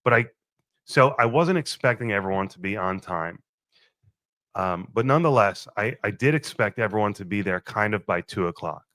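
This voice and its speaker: Young man, podcast host, lowish voice, animated storytelling, swears, dry close mic. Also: moderate pace, no room sound. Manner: animated, profane, acts out his own quoted lines. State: a little thirsty, just woke up. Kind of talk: casual storytelling monologue.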